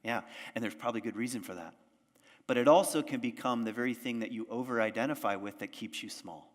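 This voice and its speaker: A man's voice: medium pitch, fast talker. A male pastor giving a conversational sermon to a church audience, often asking them questions. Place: church sanctuary. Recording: long church reverb.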